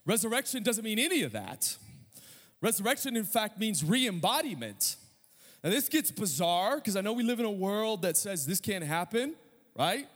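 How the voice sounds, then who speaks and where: A man's voice: high voice, sing-song, normal speed, fairly bright tone. A male pastor preaching an emphatic sermon, asking his congregation rhetorical questions. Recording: long hall reverb.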